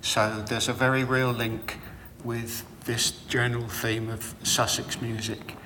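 A middle-aged man delivering a reflective, sermon-style talk that runs on personal anecdotes. He speaks very slowly and deliberately, with a voice of middling pitch, over a faint ambient hiss. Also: flat delivery, pushed and bright, big-room sound.

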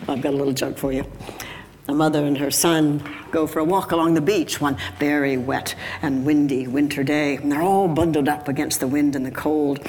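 A woman's voice: low-pitched, steady tone, normal speed, a little mellow. An older woman preaching a sermon, telling a joke and chuckling often, sometimes acting out voices. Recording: hall reverb with faint background noise.

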